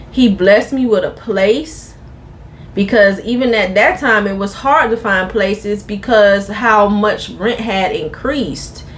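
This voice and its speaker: A woman speaks slowly and deliberately in a casual storytime monologue. Her voice sits in an ordinary middle pitch, and she talks earnestly and emphatically, calling her viewers y'all. A faint hiss is under her voice. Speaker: storytelling vlogger.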